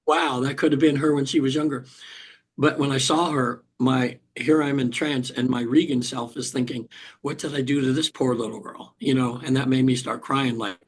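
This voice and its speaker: An older man, guest on an interview as a hypnotherapist, relates a personal story at a medium pitch with little pitch movement. He speaks haltingly, restarting frequently and clearing his throat.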